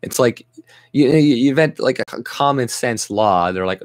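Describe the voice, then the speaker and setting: A man's voice: medium pitch, lively intonation, moderate pace, no room sound. A man hosting his own livestream, ranting in a rambling, profane, agitated way. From Canada. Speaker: vlog host. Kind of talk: livestream rant.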